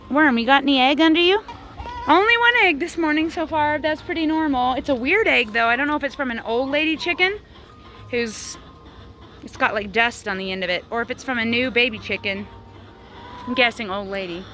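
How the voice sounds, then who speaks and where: A woman's voice: fairly high pitch, bright, forceful tone, a little hiss or hum. A woman in her thirties hosting a casual outdoor vlog from a backyard chicken coop, chatting to the camera and cooing at her hens. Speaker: vlog host.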